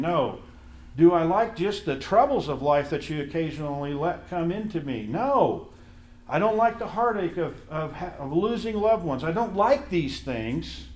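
A man teaching a Bible class in a casual, animated way, acting out the voices in his stories. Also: on the high side, roomy sound. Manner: animated storytelling, acts out voices in anecdotes.

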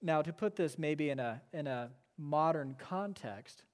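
A man preaching from the pulpit, his fairly high voice carrying a long reverb through the sanctuary. He stresses key phrases slowly and rushes through asides. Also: lively intonation. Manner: emphatic, swings between quick asides and slow stressed phrases. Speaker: pastor. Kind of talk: sermon. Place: church sanctuary. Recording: long reverb of a church hall.

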